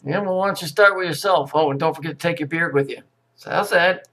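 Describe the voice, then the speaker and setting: A man ranting through a crude, mocking commentary on news clips. His voice sits a little high for a man, and he swears freely and jeers with sarcasm. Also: fast, fairly bright tone.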